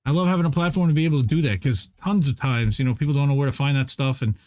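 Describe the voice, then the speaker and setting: A man's voice: medium pitch, rapid-fire, a little mellow, no room sound. A man co-hosting a casual chat, candid and opinionated, often repeating words as he starts a thought. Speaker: co-host.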